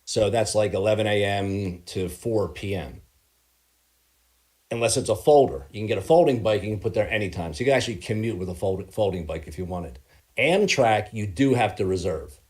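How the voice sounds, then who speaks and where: A man chatting as a guest on a live stream, telling his stories in an animated way. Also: fairly low pitch, normal speed. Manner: animated storyteller who acts out dialogue. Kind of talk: casual chat. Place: Philadelphia area.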